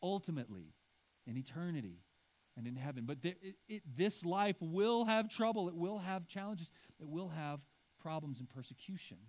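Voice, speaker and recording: Male pastor, middle-aged, mid-high voice, chatty and emphatic from the pulpit. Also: animated, normal speed, darkish tone. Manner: conversational, emphatic preaching with asides to the congregation. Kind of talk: sermon.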